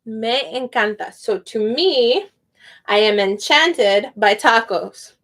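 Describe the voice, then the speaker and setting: A woman in her thirties teaching a live online Spanish lesson, animated and laughing often as she slowly demonstrates sounds. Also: medium pitch.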